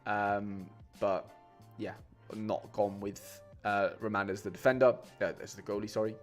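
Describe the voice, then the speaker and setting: A man's voice: lowish voice, little pitch movement, a little slow, soft background music. A man chatting casually on a live stream, rambling with lots of fillers and restarts and calling his viewers "mate". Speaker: streamer building fantasy football lineups.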